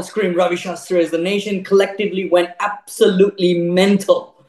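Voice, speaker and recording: A man's voice: high voice, fairly even intonation, moderate pace, a little mellow. A man co-hosting a podcast in casual chat, teasing in a dry, mock-formal way. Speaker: podcast co-host. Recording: roomy echo.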